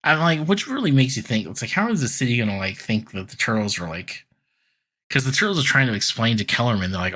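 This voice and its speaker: A man's voice: medium pitch, very animated, fast, bright, forceful tone. A man co-hosting a podcast, recapping a cartoon episode in loose, laughing casual chat full of fillers. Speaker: podcast co-host.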